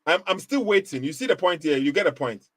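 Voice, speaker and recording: A man with a fairly high voice hosts a live commentary stream, hammering his point through emphatic, repetitive rhetorical questions. He breaks into short laughs between points. The sound is dry and close, with almost no room around it. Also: expressive, quick pace, dry recording. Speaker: livestream host.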